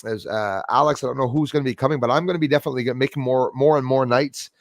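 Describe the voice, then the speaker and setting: A man's voice: mid-range voice, very fast, no room sound. Man, casual livestream host, rambling, emotional, cursing, dry close sound. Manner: rambling, emotional, swears freely.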